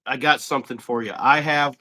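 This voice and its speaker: A man hosting a casual live-stream fishing interview, excitable and quick to laugh. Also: mid-range voice, low-quality recording. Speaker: host.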